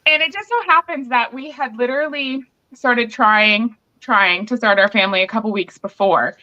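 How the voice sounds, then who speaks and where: A woman's voice: a little high, normal speed, pushed and bright. A pregnant woman hosting a podcast, telling a candid story in casual chat and acting out both sides of a quarrel. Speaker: podcast host. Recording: muffled lo-fi recording.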